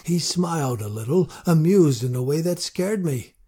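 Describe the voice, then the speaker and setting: A man's voice: a little high, animated, moderate pace, mellow, breathy edge. A man earnestly narrating a first-person fantasy audiobook.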